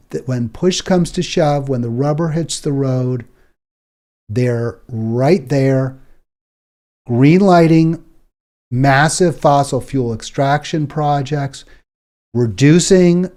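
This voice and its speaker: Fired up guy hosting a political show, warm mellow voice, indignant, keeps repeating himself. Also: mid-range voice. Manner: indignant, exasperated, repeats words when worked up. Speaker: political talk show host. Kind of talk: political commentary monologue.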